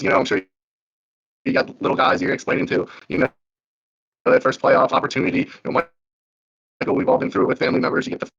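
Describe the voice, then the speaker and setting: A man calling in to a podcast, talking in an excited, rambling way with many fillers, heard over a muffled phone line. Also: mid-range voice, gravelly. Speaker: caller. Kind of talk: casual chat. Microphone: phone call.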